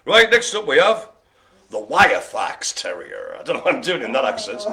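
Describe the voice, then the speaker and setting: A man calls bingo in a bright, ringing voice that swoops up and down. He keeps up a stream of jokey banter and quick asides between numbers. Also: fairly high pitch, sing-song. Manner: joking, chatty, quick asides with laughs. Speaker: bingo host. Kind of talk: lively bingo calling with banter.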